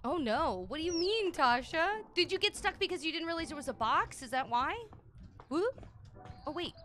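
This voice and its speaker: A woman live-streaming a game, chatting with viewers and playfully yelling at game characters. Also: very high-pitched, animated, moderate pace.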